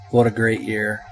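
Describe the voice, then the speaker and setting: A male podcast co-host in relaxed conversation with a friend. His voice sits at an ordinary middle pitch, and he talks with eager, emphatic enthusiasm, with faint music playing underneath. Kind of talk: casual chat.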